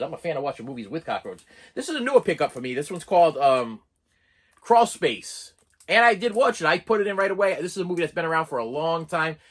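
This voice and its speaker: A man's voice: fairly high pitch, fairly bright tone, slightly rough. A man reviewing his movie collection in a casual, rambling way, often restarting sentences and drifting into side stories. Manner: rambling, with frequent restarts and asides. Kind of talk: casual rambling vlog talk.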